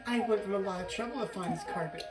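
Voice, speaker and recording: A man's voice: sits high, quick pace, recorded from a distance, close to an everyday voice, low-quality recording. Man putting on a haughty female game villager, off-mic, music behind. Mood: huffy. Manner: huffy, haughty, theatrical. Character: fussy, vain female animal villager.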